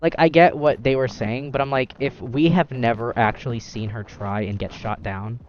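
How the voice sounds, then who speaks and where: A young man, host of a gaming channel, chatting casually while playing, rambling with animated acted-out quotes. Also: medium pitch, normal speed, highs cut off, slight background noise.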